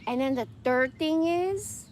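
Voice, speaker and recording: A woman's voice: sits high, unhurried, slight background noise. A woman in her forties ranting bluntly and profanely in a casual livestream monologue. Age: 40s.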